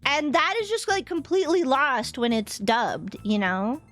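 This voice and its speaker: A young woman streaming and chatting casually with viewers in an animated way, laughing often. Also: sits high, measured pace, soft background music. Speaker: vtuber streamer. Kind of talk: casual livestream chat.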